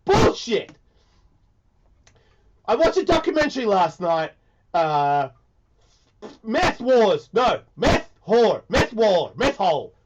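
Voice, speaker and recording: A man hosting a radio show who talks in a rambling, profane way, swinging from mumbles to shouts, and says he is sick. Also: sits high, very animated, slow, noisy background. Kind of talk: casual radio chat.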